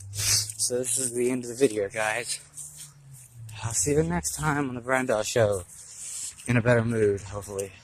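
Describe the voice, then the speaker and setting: A man's voice: medium pitch, normal speed, pauses often, a little hiss or hum, rough recording. A nineteen-year-old man talking in a casual vlog, rambling and frustrated, swearing a lot as he goes. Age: young adult. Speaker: vlogger.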